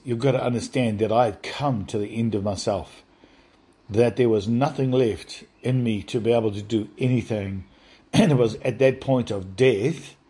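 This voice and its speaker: A man telling a personal spiritual testimony in an earnest, halting way, often restarting and repeating words. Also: medium pitch, darkish tone, breathy edge. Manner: earnest, addresses listeners directly. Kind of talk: rambling first-person testimony.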